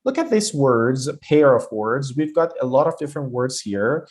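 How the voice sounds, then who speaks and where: A man's voice: mid-range voice, sing-song, normal speed, a little mellow. A man teaching an English pronunciation lesson on word stress in a casual, encouraging, explanatory way, with some fillers and restarts.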